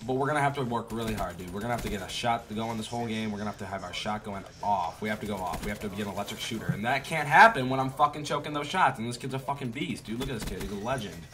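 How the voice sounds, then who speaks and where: A man's voice: lowish voice, very fast, few pauses, crowd noise. Trash-talking young man gaming. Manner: trash-talking, swearing, swings into loud outbursts. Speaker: gaming YouTuber. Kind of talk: gameplay commentary.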